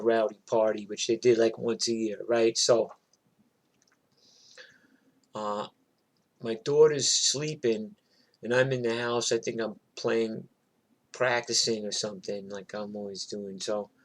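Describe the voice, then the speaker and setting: A man tells a story in a loose, chatty monologue. He is animated and digressive, with a mid-pitched voice.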